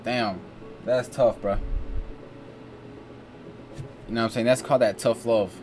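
Steady and unhurried, a young man from the US hosts a reaction video in a darkish, mid-range voice, with slight background noise. He's slangy and exclamatory, repeatedly saying "bro" and "you know what I'm saying." Music from the video he's watching plays faintly behind him.

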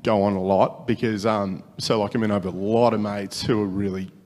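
An Australian man answering a question in a halting, casual way, with many fillers. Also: fairly low pitch, little pitch movement, a little mellow, long reverb tail. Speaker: audience member.

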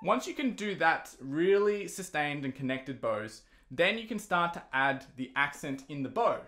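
A man's voice: fairly high pitch, sing-song, normal speed, music in the background. A man teaching a violin lesson, patiently explaining each step between passages he plays. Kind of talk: instrumental lesson. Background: violin playing.

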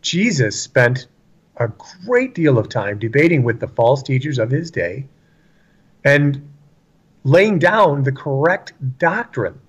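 A man's voice: mid-range voice, sing-song, takes it slowly, breathy edge, muffled recording. A man talking about scripture in a casual but preachy discussion, emphatic and repeating phrases for stress. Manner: emphatic, repeats lines for stress, acts out quotes.

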